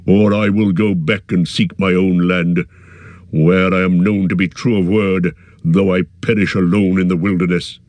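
A man's voice: deep voice, flat delivery, moderate pace, darkish tone, no echo, natural voice. A man reading aloud and voicing a stubborn, proud male dwarf warrior who talks bluntly and defiantly.

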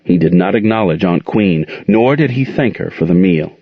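A man narrating a novel as an expressive audiobook reader, in a dull, dry recording. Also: low-pitched, moderate pace, husky, dry recording. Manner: expressive storytelling.

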